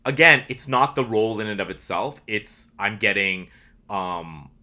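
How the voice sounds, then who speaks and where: A man guesting on a podcast as an actor, talking in an earnest, animated way in casual interview chat. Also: fairly low pitch, measured pace.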